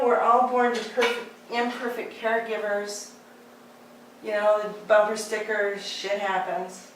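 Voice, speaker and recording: A woman's voice: mid-range voice, slight background noise. Woman telling a personal story in a hall. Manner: candid, conversational. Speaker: speaker. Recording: echoey hall, distant mic.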